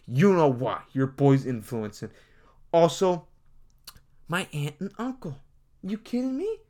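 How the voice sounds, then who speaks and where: A young man delivering a swaggering, mock-serious comedic monologue, talking straight to his audience. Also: sits high. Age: young adult. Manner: hyped, swaggering, addresses the audience directly. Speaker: comedic speaker.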